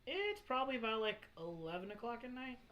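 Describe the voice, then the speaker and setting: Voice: medium pitch, very animated, brisk, highs cut off, crowd noise. A game master casually narrating a tabletop role-playing session.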